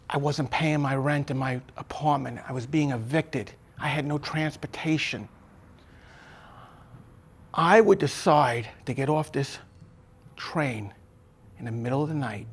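A man's voice: medium pitch, vocal fry, husky. A middle-aged man, a former corrections officer, earnestly telling his life story in an interview and acting out the voices of the people in it.

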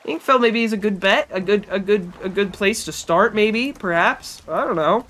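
A man's voice: high voice, normal speed, sharp tone. A man streaming live, chatting as he plays and talking back to game characters and his chat. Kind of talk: live gameplay commentary.

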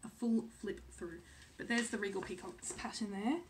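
A woman's voice: medium pitch, steady tone, moderate pace, a little hiss or hum. A woman in her thirties from Australia chatting casually to camera as a cross-stitch vlogger, full of "um"s and second-guessing herself. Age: 30s.

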